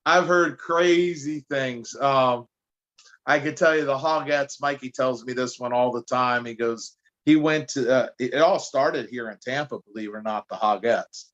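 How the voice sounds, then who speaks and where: A New Jersey man who's an anti-drug speaker tells stories as a podcast guest, chatty and animated, frequently restarting after stumbles. The recording is muffled; his voice is medium-pitched at a moderate pace.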